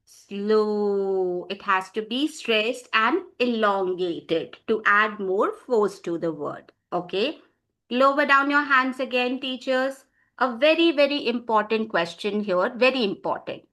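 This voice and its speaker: A woman running a teacher-training session, directive and organized. Her voice is a little high and rings bright and crisp. She calls on participants by name and lays out questions step by step. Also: animated, unhurried.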